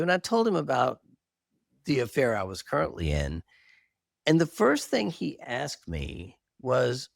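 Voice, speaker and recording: In a studio-quality interview with no room sound, a middle-aged man who works as a marriage therapist shares his story with earnest candor. He's animated and self-deprecating, his gravelly voice pitched medium at a moderate pace.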